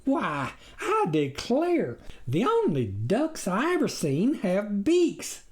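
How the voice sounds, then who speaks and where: A man voicing a hospitable farm wife with a high, chirpy rural drawl. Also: huge pitch swings, slow pace, full character voice. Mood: eager.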